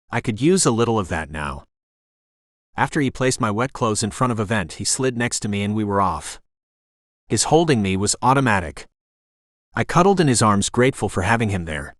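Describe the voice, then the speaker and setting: A man reading a first-person audiobook narration in a steady, even manner. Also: fairly low pitch, dry recording, studio quality.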